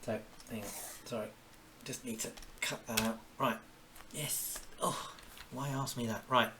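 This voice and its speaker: Man with a Kent accent, unhurried, rambling live-drawing chat, faint room ambience. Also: mid-range voice, fairly even intonation, noisy background. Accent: Kent English. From Kent, England. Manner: rambling, mutters to himself, little exclamations. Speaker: cartoonist streaming live. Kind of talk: casual chat while drawing. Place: home, cooking dinner while drawing.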